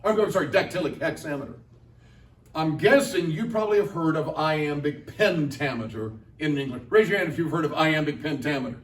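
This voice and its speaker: A middle-aged man with a fairly high voice gives a playful, conversational lecture to students and keeps asking the audience questions. The mic picks him up from across the room. His voice rings around a large, echoey convention hall. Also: fairly quick, far from the mic. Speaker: Latin teacher and translator giving a talk. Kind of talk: lively classroom-style lecture to students.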